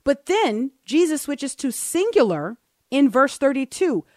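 A woman co-hosting a Christian talk show, earnestly teaching from the Bible and slowing down to read verses aloud. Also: high voice, sing-song, a little mellow, no echo, clean studio sound. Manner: earnest, explains step by step, slows down to read verses.

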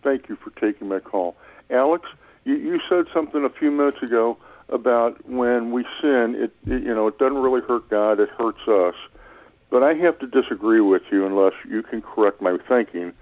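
A man from Missouri calls into a radio show over a tinny phone line. He speaks sincerely and at a measured pace as he questions the hosts. The line sounds narrow and dry. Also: mid-range voice, no echo. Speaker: caller. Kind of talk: call-in radio.

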